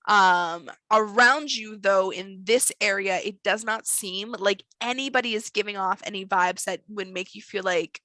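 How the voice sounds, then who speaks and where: Woman game master, bright voice, dry close sound, relaxed narration. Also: medium pitch, measured pace, few pauses, no echo, low-quality recording. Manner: relaxed, with many fillers and laughs. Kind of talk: narrating a tabletop role-playing game.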